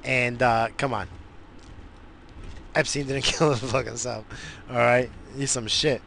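A man's voice: mid-range voice, steady tone, measured pace, creaky, fairly bright tone, a little hiss or hum. A man from the United States hosting a show, ranting in a profane, rambling, fired-up way from inside a car. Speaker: radio show host. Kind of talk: profane casual rant.

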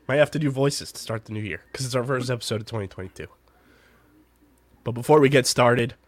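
A man's voice: mid-range voice, no echo. A man hosting a casual podcast, tired and congested, chatting in a loose, rambling, upbeat way. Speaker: podcast host. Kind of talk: casual chat.

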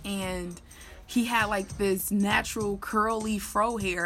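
Animated young woman telling a story. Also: mid-range voice, takes it slowly, soft background music. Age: 20s. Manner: animated, slangy, laughs and shouts when quoting herself. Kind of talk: casual storytime.

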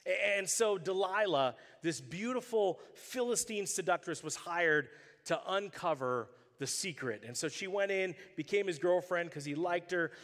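A man's voice: sits high, normal speed, in a large hall. A male pastor preaching a sermon, telling stories with animation and acting out the characters' voices. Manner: animated storytelling, acts out voices.

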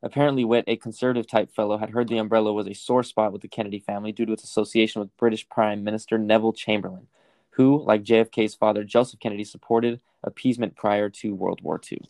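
Young male co-host, fast, slightly low voice, swears freely, dry close mic. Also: level tone, darkish tone, no room sound. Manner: swearing, rambling storyteller. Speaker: podcast co-host. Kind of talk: casual chat reading facts aloud.

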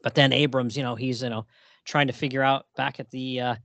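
A man casually recapping a comic story on a podcast. He laughs often and reads the characters' lines in quick put-on voices. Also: mid-range voice, steady tone, fairly bright tone, dry recording. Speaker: podcast co-host.

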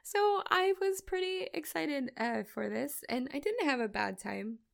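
A woman's voice: high-pitched, big pitch swings, a little slow, creaky. A woman co-hosting a podcast in casual chat, chatty and often laughing as she tells stories. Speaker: podcast co-host.

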